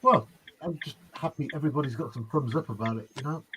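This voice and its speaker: A man hosting a casual livestream chat, teasing his guests and quick to laugh. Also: mid-range voice, a bit bright. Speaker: livestream host. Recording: noisy call audio.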